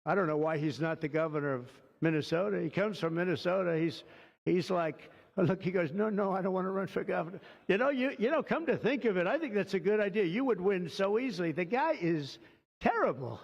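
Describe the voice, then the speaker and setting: Man, fairly high voice, political leader giving a rambling ad-libbed speech full of praise; dull lo-fi sound in a long hall reverb. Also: expressive, a little fast, gravelly. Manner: rambling, digressive, heavy on superlatives. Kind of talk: off-the-cuff ceremonial speech.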